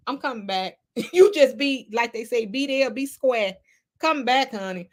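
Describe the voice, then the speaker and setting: A woman hosting a casual gossip livestream, sassy and animated, laughing often as she reads the chat. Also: a little high, measured pace. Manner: sassy, animated, laughs a lot, Southern Black American slang. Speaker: livestream host reading chat.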